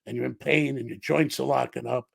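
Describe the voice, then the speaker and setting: A middle-aged man, a podcast guest, telling a story in an animated way and acting out the dialogue. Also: mid-range voice, a little fast, creaky, no echo.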